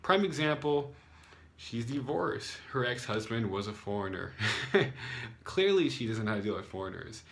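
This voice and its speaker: A man's voice: medium pitch, lively intonation, normal speed, creaky, fairly bright tone. Rambling American guy telling a story. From United States. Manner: rambling, frequent fillers, sarcastic asides. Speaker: English teacher. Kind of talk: casual storytelling vlog.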